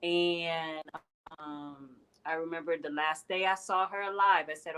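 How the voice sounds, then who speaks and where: A woman's voice: sits low, steady tone, a little slow, a bit bright, a little hiss or hum, low-quality recording. A middle-aged woman hosting a heartfelt motivational talk, earnest and candid, with emphatic rises in her speech. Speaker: host.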